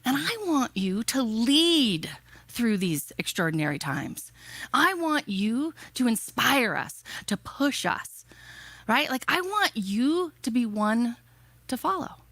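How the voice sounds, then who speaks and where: Emphatic, lively woman giving a keynote. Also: fairly high pitch, takes it slowly, no echo. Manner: energetic, emphatic, repeating rhetorical questions. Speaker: keynote speaker. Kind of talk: motivational keynote speech.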